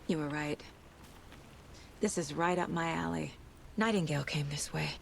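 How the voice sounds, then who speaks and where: An actress playing a calm, focused woman FBI profiler, speaking in a measured, low-key way in a video game. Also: gravelly, slight background noise. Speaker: FBI agent investigator. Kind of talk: game voice acting.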